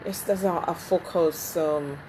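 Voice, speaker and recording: A woman hosting a live talk show, speaking haltingly with many ums and restarts. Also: low-pitched, steady tone, darkish tone, a little hiss or hum, rough recording. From Nigeria.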